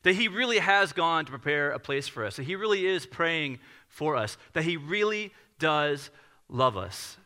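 Bright, sharp-toned male pastor preaching. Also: on the high side, animated, moderate pace. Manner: conversational, self-deprecating storytelling. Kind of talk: sermon. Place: church, preaching to a congregation.

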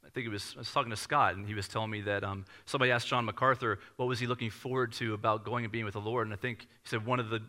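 Bright, sharp-toned male pastor preaching. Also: fairly low pitch, fairly even intonation, very fast, few pauses. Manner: conversational, self-deprecating storytelling. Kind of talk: sermon. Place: church, preaching to a congregation.

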